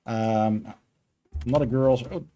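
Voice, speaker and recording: A man's voice: mid-range voice, steady tone, unhurried, warm tone. A man streaming his game development work, chatting casually and thinking aloud with many fillers. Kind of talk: casual live coding stream.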